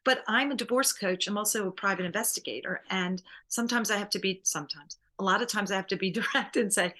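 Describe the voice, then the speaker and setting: Lady divorce coach chatting away, lots of laughs, bright tense voice. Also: medium pitch, fast, hardly any pauses. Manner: animated, laughs often, acts out client quotes. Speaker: divorce coach and private investigator. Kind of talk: conversational interview.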